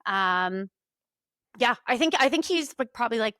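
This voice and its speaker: A bubbly woman co-hosting a chatty podcast, laughing easily as she talks. Her voice sits a bit high and sounds dry and close, recorded in a hotel room. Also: lively intonation, moderate pace, bright, forceful tone, dry recording. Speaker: podcast co-host. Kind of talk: casual chat.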